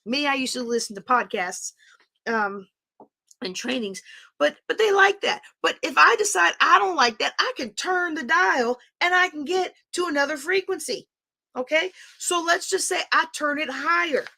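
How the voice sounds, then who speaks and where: Lady teaching a class, chatty and animated, high bright voice. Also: normal speed, vocal fry. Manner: chatty and animated, drawing on a board as she explains.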